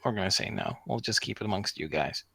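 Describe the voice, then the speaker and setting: A man's voice: on the low side, expressive, quick pace, vocal fry, sharp tone, husky, no room sound. A man running a tabletop role-play game as game master, narrating and teasing the players playfully.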